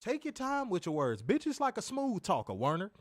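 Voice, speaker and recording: Man, wrestling podcast co-host, profane, joking, animated pitch, slightly high voice, dry sound. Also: a little fast, no echo. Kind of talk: casual podcast chat.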